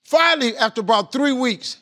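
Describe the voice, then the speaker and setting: Husky high-voiced man telling stories. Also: a little fast. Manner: animated, folksy, casual grammar. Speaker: guest speaker. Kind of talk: motivational storytelling.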